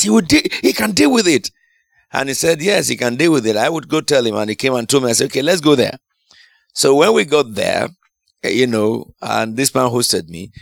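Gravelly-voiced male preacher. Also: mid-range voice, no echo, clean studio sound. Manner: animated storytelling, shouts and laughs at climaxes. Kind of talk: sermon testimony.

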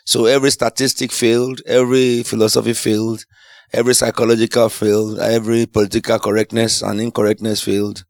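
Male preacher, animated storyteller, gravelly voice, dry close sound. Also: fairly low pitch, quick pace, no room sound. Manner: animated storytelling, shouts and laughs at climaxes. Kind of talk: sermon testimony.

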